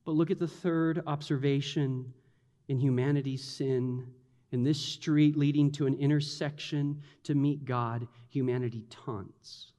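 A man preaching a sermon, animated, acting out the taunts of the mockers in a mocking voice. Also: medium pitch, measured pace. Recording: long hall reverb.

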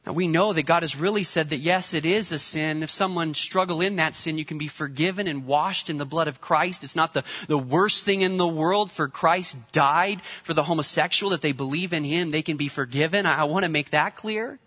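A man preaches with emphatic drive, coming back again and again to rhetorical questions. His voice sits high and sounds bright and forceful. The recording is dull and lo-fi, with a long hall reverb behind him. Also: normal speed, hardly any pauses, husky. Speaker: pastor. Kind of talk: sermon.

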